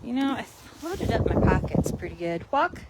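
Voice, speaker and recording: A woman training horses outdoors in a paddock. She coaxes them in soft, sweet baby talk and explains each step to her viewers. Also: fairly high pitch, big pitch swings, moderate pace, heavy background noise. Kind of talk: casual vlog while training horses.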